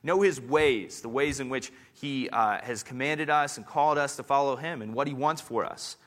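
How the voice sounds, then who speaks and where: A man preaching a sermon as pastor, earnest and slowing down to stress scripture. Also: medium pitch.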